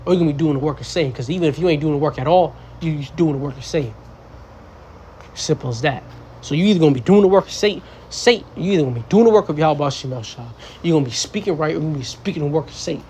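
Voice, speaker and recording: A man's voice: fairly high pitch, animated, rapid-fire, darkish tone, a little hiss or hum. A young man teaching scripture in a blunt, profane, casual way, mocking fools and quoting verses. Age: young adult. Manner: blunt, profane, mocks foolish people in voices. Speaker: street preacher.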